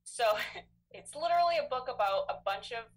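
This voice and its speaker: A woman in her thirties, an animal control officer, answering interview questions in a friendly, measured way. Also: a little high, lively intonation, rough recording. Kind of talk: casual interview chat.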